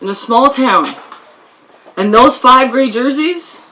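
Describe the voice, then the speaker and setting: A woman's voice: sits high, takes it slowly, slight background noise, rough recording. Heartfelt woman speaking at an outdoor ceremony. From Canada. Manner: heartfelt, storytelling, animated. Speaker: guest speaker. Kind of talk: public speech at a ceremony. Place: outdoor sports field.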